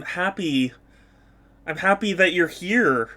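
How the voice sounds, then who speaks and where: A man with a high, light voice chats playfully as he opens a game stream, greeting viewers by name and laughing easily. He talks at an unhurried, easygoing pace. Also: animated. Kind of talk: casual live-stream chat.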